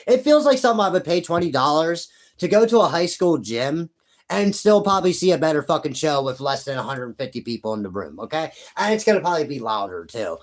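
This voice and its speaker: A young man ranting to camera about wrestling, profane and heated, rambling with frequent restarts and asides to his viewers. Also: fairly high pitch. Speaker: YouTube wrestling commentator. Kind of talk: ranting vlog commentary.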